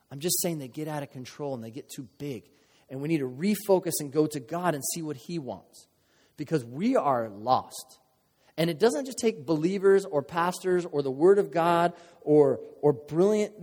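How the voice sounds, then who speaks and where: A man delivers a sermon to his congregation in an earnest, conversational way, mixing emotion with playful asides. His voice sits slightly high. Long reverb from a large hall trails behind his words. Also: a little mellow. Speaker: pastor.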